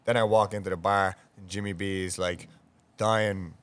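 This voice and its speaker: A deep-voiced Irish man chats casually on a podcast. He is eager and talkative, and he sets up stories for his co-hosts. His voice sits low. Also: fairly even intonation, moderate pace, fairly bright tone, slight background noise.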